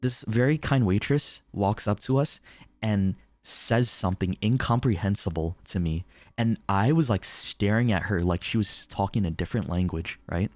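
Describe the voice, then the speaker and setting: A young man streaming, telling a story in casual chat, animated, laughing often and swearing casually. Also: lowish voice, normal speed, no room sound.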